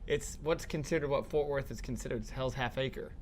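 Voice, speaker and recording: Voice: mid-range voice, normal speed, darkish tone. A podcast co-host chatting casually in a home studio, blunt and teasing. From Texas. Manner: blunt, teasing, laughs when flustered.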